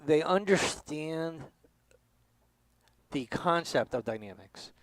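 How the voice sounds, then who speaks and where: A man giving a drum lesson, explaining stroke types and counting beats out loud. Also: medium pitch, no echo, rough recording. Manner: explanatory, counts aloud with accents. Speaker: drum instructor. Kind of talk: demonstration lesson.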